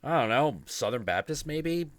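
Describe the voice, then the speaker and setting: A man hosting a livestream, telling a story in a casual, profane, animated way and acting out the voices. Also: on the high side, moderate pace, no echo. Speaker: show host.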